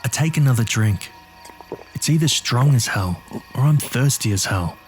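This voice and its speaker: A man's voice: medium pitch, expressive, normal speed, soft background music. A man narrating a horror story in the first person with a gritty, streetwise delivery.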